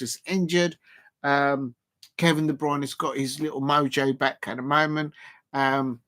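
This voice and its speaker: A man's voice: fairly high pitch, fairly bright tone. A man hosting a casual live stream, reading out viewer comments and rambling with lots of fillers and restarts.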